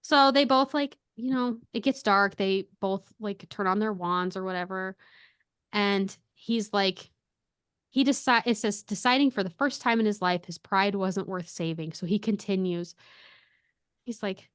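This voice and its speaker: A young adult woman co-hosts a casual podcast, recapping a story and acting out its lines in an easygoing, chatty way. Her voice sits at an ordinary middle pitch. The sound is dry and close, with no room around it. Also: moderate pace, smooth, dry recording. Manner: animated retelling with quoted dialogue. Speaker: podcast co-host. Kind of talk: casual book discussion.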